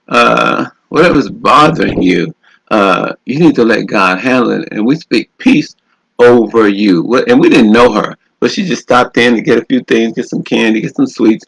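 A man's voice: medium pitch, gravelly, husky, low-quality recording. A man, a radio minister, preaching and telling a personal story in a fervent, repetitive exhorting way. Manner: exhorting, repeats phrases, calls out "glory to God".

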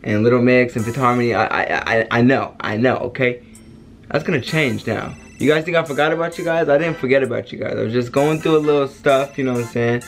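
A man's voice: medium pitch, fast talker, soft background music. A man hosting a reaction video, chatting casually to his viewers and repeating himself as he rambles.

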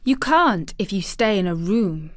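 A woman voicing a stubborn, blunt little girl in a storybook reading, in a slow, dry-sounding delivery. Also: medium pitch, big pitch swings, dry recording. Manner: blunt, contrary, eager when describing the moor.

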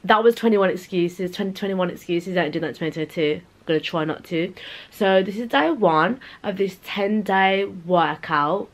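A woman's voice: fairly low pitch, moderate pace. Young woman, casual home vlog, rambling, playful, chatty. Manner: chatty, rambling and playful, with frequent asides to viewers. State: out of breath. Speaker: vlogger. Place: home, indoors.

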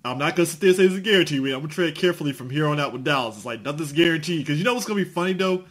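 A man co-hosting a casual sports podcast, joking and expressive, dropping from loud to hushed. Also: on the high side, rapid-fire. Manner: expressive, jokey, swings between loud and hushed. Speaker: podcast co-host.

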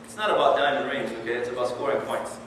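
A man's voice: mid-range voice, fast talker. A man giving a conversational religious talk, often asking his listeners questions. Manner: conversational, animated, asks the audience questions. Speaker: Islamic lecturer. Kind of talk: sermon. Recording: echoey hall from far off, noisy.

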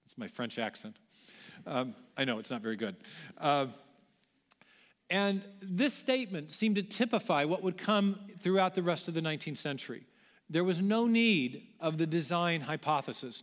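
A man's voice: fairly high pitch, animated, normal speed. A man giving a public lecture to a large audience in a church auditorium, explaining in a conversational way with the odd light aside. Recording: echoey hall.

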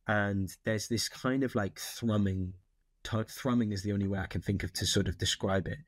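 Man, low voice, dry close sound, rambling thoughtful guest. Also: fairly even intonation, normal speed, no echo. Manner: thoughtful, rambling with many restarts. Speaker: actor guest. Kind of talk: casual interview chat.

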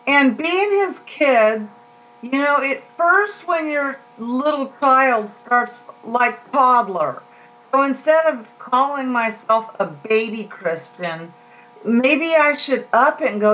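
A woman's voice: high voice, animated, takes it slowly, fairly bright tone, dull audio. A woman giving a casual, heartfelt devotional talk to her viewers, rambling with many fillers and restarts. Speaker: Christian vlogger.

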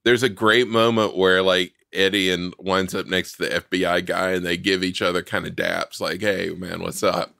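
A man's voice: deep voice, flat delivery, moderate pace, creaky, hardly any pauses, sharp tone, clear, resonant tone, dry recording, studio quality. A man in a casual film discussion, enthusiastically gushing about his favorite moments. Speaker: podcast co-host.

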